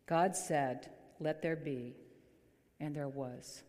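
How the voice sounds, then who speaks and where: A woman's voice: low-pitched, slow pace, a little mellow. A woman pastor preaching a sermon in a church, chatty and joking as she quizzes the congregation. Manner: conversational, quizzes the congregation with light humor. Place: church sanctuary. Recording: long church hall reverb.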